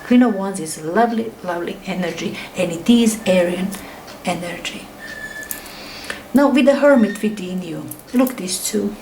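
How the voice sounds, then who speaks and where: A woman's voice: mid-range voice, normal speed, warm tone, slight background noise, poor audio. A middle-aged woman giving a casual tarot reading in non-native English, rambling and enthusiastic, her phrases often sinking to a near whisper. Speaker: tarot reader.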